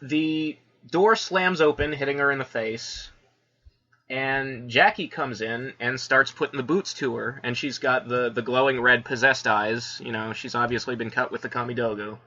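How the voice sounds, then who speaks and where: A man's voice: mid-range voice, moderate pace, pushed and bright, dull audio. A man co-hosting a casual comic review, laid-back and full of fillers like "like" and "you know.". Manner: laid-back, lots of "like" fillers, laughs often. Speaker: podcast co-host.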